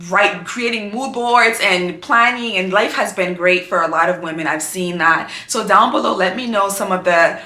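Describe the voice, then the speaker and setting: A woman's voice: medium pitch, normal speed, hardly any pauses, pushed and bright, roomy sound. A woman vlogger talking to her viewers about faith, emotional and encouraging, speaking in a repetitive preaching cadence. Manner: addresses viewers as "girl". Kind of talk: heartfelt faith-based talk to camera.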